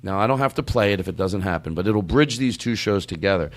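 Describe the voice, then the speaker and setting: A man's voice: deep voice, expressive, fast. A man hosting a podcast in casual studio chat, rambling and joking and often breaking off his own sentences. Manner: rambling, joking, self-interrupting. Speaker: podcast host.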